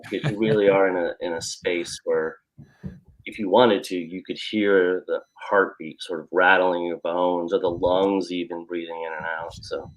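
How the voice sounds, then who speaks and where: A man's voice: low voice, fairly even intonation, normal speed. A man talking as a guest author in casual chat, thinking aloud with frequent restarts.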